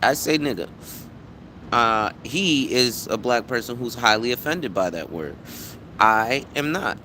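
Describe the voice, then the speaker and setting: A man's voice: mid-range voice, a little slow, a little hiss or hum. Blunt, profane man on a live stream. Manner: blunt, profane, animated storytelling. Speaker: insurance agent and live-stream host. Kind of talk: casual live-stream talk.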